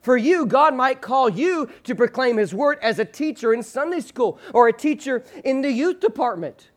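A male pastor preaching a sermon. He leads the congregation in call-and-response, slows hard on the key phrase, and lets his phrase endings drop low and soft. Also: expressive. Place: church sanctuary with a screen behind him.

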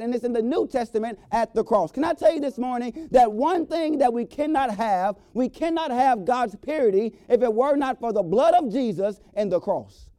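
A man preaching a revival sermon in a church, reading scripture and building to emphatic, drawn-out points. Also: very high voice, mellow, no room sound. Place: church sanctuary.

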